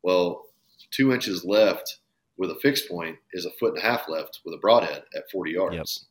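A bowhunter appears as a guest on a casual podcast, speaking in a low-pitched voice at a moderate pace. He talks earnestly and with emphasis, letting a swear word slip now and then.

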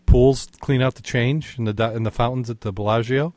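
A man hosting a casual podcast chat, talking in halting stops and restarts and repeating his words as he tells corny jokes. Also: mid-range voice, steady tone, a little mellow. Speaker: podcast host.

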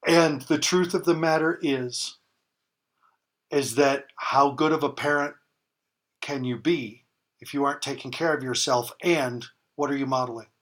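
Speaking unhurriedly in a medium-pitched, fairly bright voice, a man in his fifties shares parenting advice as a podcast interview guest. He is emphatic and keeps repeating key phrases for stress.

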